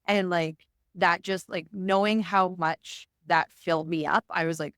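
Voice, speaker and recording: A woman guest on a podcast, telling stories in a lively way and acting out what she once said. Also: on the low side, a little slow, dry recording, studio quality. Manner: animated storyteller, acts out her own past words. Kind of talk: casual conversation.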